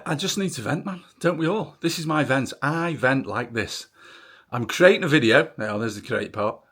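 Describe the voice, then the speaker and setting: Sweary, animated man ranting. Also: mid-range voice. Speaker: vlogger. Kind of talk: ranting vlog.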